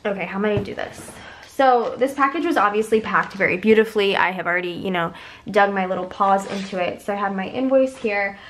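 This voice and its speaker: A woman's voice: medium pitch, quick pace, a little hiss or hum. Congested young woman chatting through a haul. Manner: rambling, upbeat, lots of "like" and "um". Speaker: haul vlogger. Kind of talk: casual chatty haul video.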